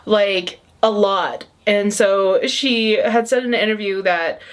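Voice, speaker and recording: A woman's voice: medium pitch, fairly even intonation, takes it slowly. A woman in her twenties chatting casually and emotionally as she reacts to a video, rambling with many fillers. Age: 20s.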